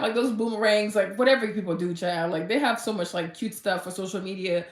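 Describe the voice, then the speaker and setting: A woman fitness vlogger talking casually and gushing with excitement, full of "like" fillers. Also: medium pitch, fairly quick, roomy sound. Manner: gushing and chatty, heavy use of "like", and bursts of excitement. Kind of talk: casual motivational vlog talk.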